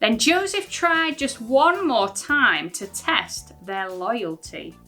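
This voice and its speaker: A woman presenting a children's school assembly video with slow, expressive storytelling. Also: fairly high pitch, faint music behind.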